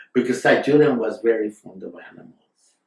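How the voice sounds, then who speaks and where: A man casually telling a long story in a rambling, digressive way, with fillers and side remarks, recorded from a distant mic in a roomy space. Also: fairly low pitch. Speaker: storyteller, guest.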